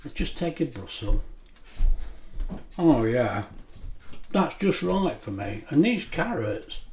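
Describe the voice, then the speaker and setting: A man's voice: mid-range voice, very animated, slow pace, a little mellow, echoey room, a little hiss or hum. A middle-aged man with a chatty, homely way of talking, laughing often as he chats to camera in his kitchen. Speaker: food vlogger. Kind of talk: casual chat to camera. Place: home kitchen.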